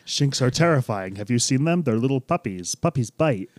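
A man co-hosting a casual podcast chat, cracking quick jokes and laughing often. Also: medium pitch, expressive, no echo. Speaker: podcast co-host.

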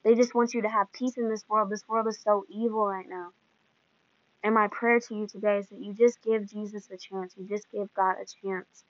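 A woman's voice: medium pitch, fairly even intonation, normal speed, dry recording. A woman hosting a podcast, giving an earnest, emotional devotional talk in a preaching manner. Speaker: podcast host. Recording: dull lo-fi dry sound.

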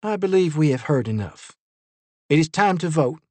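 A man's voice: a little high, animated, darkish tone, dry recording, voice pushed up, lightly acted. A man voicing Miss Ellie, a stern, formal woman who presides over a vote, in a storybook reading. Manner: formal, cold, measured. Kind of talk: storybook character voice.

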